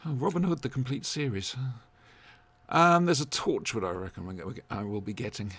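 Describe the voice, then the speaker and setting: A man's voice: lowish voice, normal speed, no room sound. A man hosting a casual podcast, rambling with lots of ums as he reviews audio dramas. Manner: rambling, animated, many ums. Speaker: podcast host.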